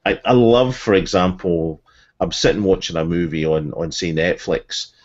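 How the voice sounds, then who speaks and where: A man with a measured, explanatory way of talking, the resident expert on a podcast. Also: deep voice, dull audio. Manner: measured, explanatory, many restarts. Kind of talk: casual group chat.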